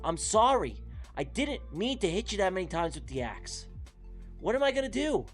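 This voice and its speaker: A man's voice: sits high, big pitch swings, moderate pace, a bit bright. A man hosts a live trading stream, and his voice swoops up and down as he vents. He sounds exasperated and swears freely as he talks to his chat. Faint music plays underneath. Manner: exasperated, venting, profane. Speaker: livestream trading host.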